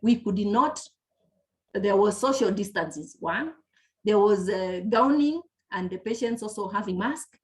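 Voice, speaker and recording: A woman's voice: mid-range voice, a little mellow. A woman giving an earnest palliative care lecture over a video call, often restarting her sentences. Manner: earnest, explanatory, frequent restarts. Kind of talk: presentation lecture.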